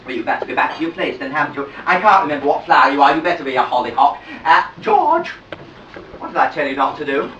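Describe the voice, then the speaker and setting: A man's voice: on the high side, sing-song, fast, pushed and bright, dull audio, slight background noise. A man playing a genteel, middle-aged English nursery teacher woman, coaxing and scolding small children in a prim, sing-song way, live on a pub stage. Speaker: cabaret performer. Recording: roomy live sound from a distance with piano.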